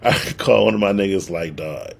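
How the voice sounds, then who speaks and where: A man's voice: fairly low pitch, measured pace. A young man, casually telling a story on a podcast and acting out the quotes. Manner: animated storyteller, acts out quotes. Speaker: podcast co-host.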